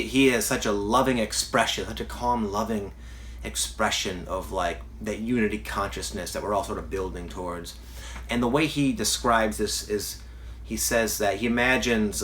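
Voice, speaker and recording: A man's voice: on the low side, a bit bright, a little hiss or hum. A man giving a casual self-help talk as a spiritual coach, earnest and rambling, with frequent restarts.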